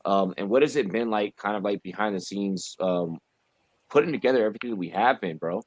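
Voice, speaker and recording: A man hosting a casual livestream chat, animated and repeating himself, with many fillers. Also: on the low side, brisk, no room sound. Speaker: host.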